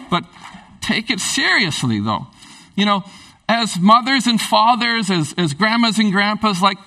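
A man's voice: sits high, normal speed, sharp tone, far from the mic, poor audio. A man preaching a sermon in a conversational, emphatic way. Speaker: pastor.

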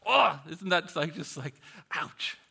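A man preaching a sermon in an animated, conversational way, swinging from soft asides to loud bursts. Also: on the high side, normal speed, gravelly. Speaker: pastor.

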